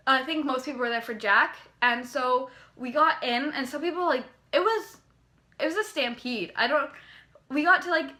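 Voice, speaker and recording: Bright-voiced excited young woman vlogger. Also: fairly high pitch. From Canada. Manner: excited, rambling with many "like"s. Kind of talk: casual storytelling.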